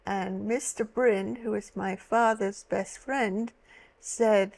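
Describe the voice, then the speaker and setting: A woman in her eighties from London, slowly recalling her childhood in a halting way, often restarting her sentences. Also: mid-range voice, steady tone, creaky, a little mellow. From London, England. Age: 80s. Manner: slow, halting recollection with many restarts. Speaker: guest. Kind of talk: personal storytelling.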